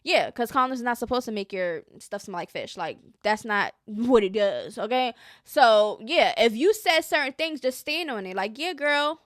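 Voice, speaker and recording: A woman's voice: fairly high pitch, expressive, moderate pace, no room sound, studio quality. A woman hosting casual gossip commentary, chatty and slangy, often trailing off with hesitant asides.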